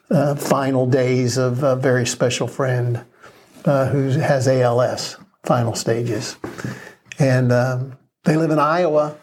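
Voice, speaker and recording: A man's voice: medium pitch, a little mellow. Earnest man telling faith stories. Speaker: pastor. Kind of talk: conversational faith talk.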